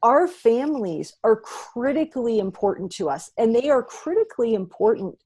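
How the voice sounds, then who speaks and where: A woman guest speaks earnestly as a career coach, encouraging and measured. Her voice is mellow and a little husky. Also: fairly high pitch, very animated. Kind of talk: interview conversation.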